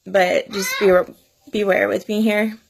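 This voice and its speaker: Woman in her thirties; unhurried, gravelly, teary personal vlog talk. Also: medium pitch, level tone. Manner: tearful, earnest, pleading. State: crying at times. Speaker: vlogger.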